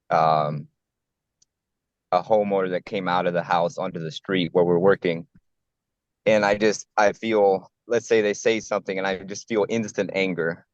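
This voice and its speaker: A man's voice: sits low, no echo. A man on a group call explaining his habits, hesitant and searching for words. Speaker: call participant, tradesman. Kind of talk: casual chat on a call. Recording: dull, lo-fi call audio.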